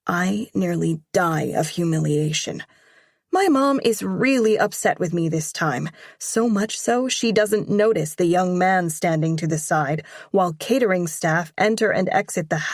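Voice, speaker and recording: A woman reading a first-person romance audiobook in a slow, measured way. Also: lowish voice, dry recording, clean studio sound. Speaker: audiobook narrator.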